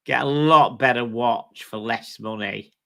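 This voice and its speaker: A man's voice: mid-range voice, measured pace, gravelly, a bit bright. A British man hosting a live stream, chatting casually with viewers in a blunt, sweary way. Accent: British English. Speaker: livestream host. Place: home streaming setup.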